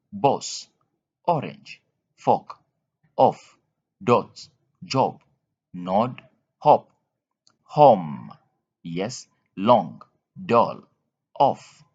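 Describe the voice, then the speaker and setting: A man's voice: lowish voice, a little mellow. A man teaching English pronunciation, reading word lists aloud one word at a time and explaining the spelling rules. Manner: slow, deliberate drilling of single words. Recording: dull lo-fi recording.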